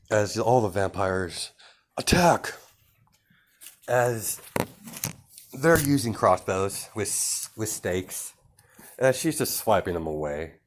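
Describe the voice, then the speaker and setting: A man's voice: lowish voice, lively intonation, takes it slowly, pauses often. A man improvising a fan-fiction story, narrating hesitantly with many fillers and restarts.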